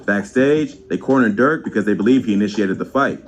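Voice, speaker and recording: Male documentary narrator over music. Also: on the low side. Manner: even, measured storytelling. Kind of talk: scripted narration.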